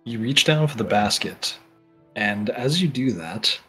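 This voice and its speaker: A man narrating a tabletop role-playing game as game master, in a calm, measured way. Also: mid-range voice, husky, faint music behind.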